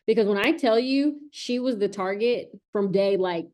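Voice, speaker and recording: A woman's voice: medium pitch, normal speed, darkish tone. Enthusiastic woman podcast co-host. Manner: enthusiastic, emphatic, laughing. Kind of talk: casual chat about reality TV.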